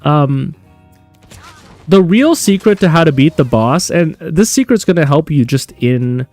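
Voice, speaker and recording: A man's voice: fairly high pitch, expressive, unhurried, a little mellow, no echo, faint music behind. A man live-streaming a game, talking chattily and answering viewers' questions as he plays. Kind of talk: live gameplay stream commentary.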